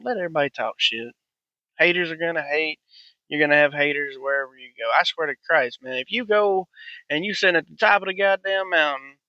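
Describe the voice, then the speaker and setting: A man's voice: fairly high pitch, dry recording, lo-fi sound. A man, hosting a profane, blunt, rambling monologue. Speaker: podcast host. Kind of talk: ranting monologue.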